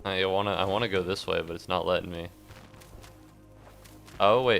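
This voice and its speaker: A man giving rambling, jokey commentary while streaming a game, breaking into squeaky outbursts. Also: fairly even intonation, normal speed, creaky, a bit bright, soft background music. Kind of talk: casual gaming commentary.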